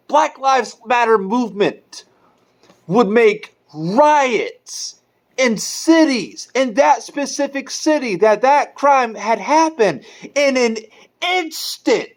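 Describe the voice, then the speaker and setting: An online commentator delivering an angry, profane rant with drawn-out, stressed words. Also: medium pitch. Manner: furious, profane, emphatic.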